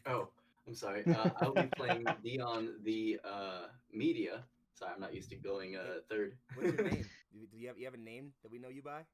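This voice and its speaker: Male player, slow and low, distant noisy mic. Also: animated. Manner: sheepish, apologetic. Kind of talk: casual stream chat.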